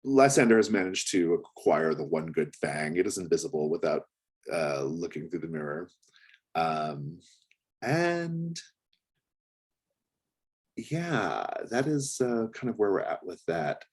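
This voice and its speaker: Very deep-voiced husky game master. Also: male voice, lively intonation, a little slow, pauses often. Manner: hesitant, descriptive, full of fillers. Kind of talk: narrating a tabletop game.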